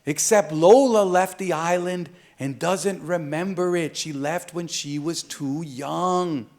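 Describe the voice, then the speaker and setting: A man's voice: fairly high pitch, takes it slowly, a little mellow. A man from a Caribbean island, an author reading his picture book aloud at a live event, playful and joking with slang.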